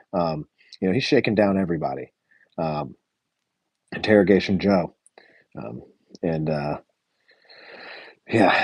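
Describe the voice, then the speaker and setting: A man's voice: low-pitched, a little mellow, husky, no echo. A young man hosting a live show review stream, chatting casually with lots of fillers and answering his chat. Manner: rambling, many fillers, reads live chat.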